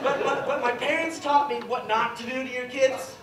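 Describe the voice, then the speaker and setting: A man performing a stand-up comedy set in a theater, deadpan with sudden loud outbursts. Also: extremely high pitch, normal speed, distant mic, crowd noise. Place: theater stage with live audience. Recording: echoey theater heard from afar, audience noise.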